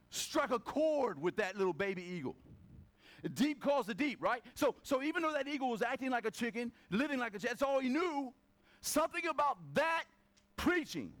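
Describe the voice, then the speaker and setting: A male pastor preaching a casual sermon, telling stories and acting out voices as he goes. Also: very high voice. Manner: animated storytelling, acts out voices.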